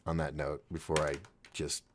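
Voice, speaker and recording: A man's voice: extremely low pitch, little pitch movement, normal speed, very noisy. A man hosting a nightly call-in show, talking in a rambling, jokey, casual monologue and often laughing at himself.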